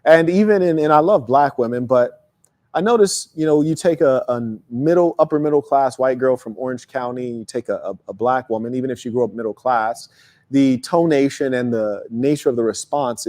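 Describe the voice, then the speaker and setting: A man hosting a casual motivational monologue, talking bluntly and profanely with animated storytelling. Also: mid-range voice, fairly quick. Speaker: host.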